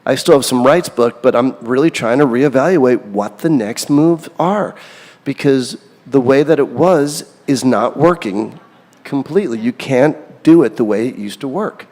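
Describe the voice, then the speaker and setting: This middle-aged man has a medium-pitched, darkish voice and a normal speaking speed, and the recording has a big-room feel. As the songwriter guest in a relaxed interview, he rambles openly and tends toward self-deprecation.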